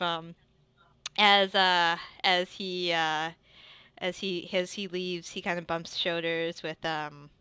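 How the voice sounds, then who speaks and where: Woman GM narrating, rambly, bright voice, dry close mic. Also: fairly low pitch, clear, resonant tone, dry recording. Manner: rambling, many fillers and restarts. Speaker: game master. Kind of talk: narrating a tabletop game.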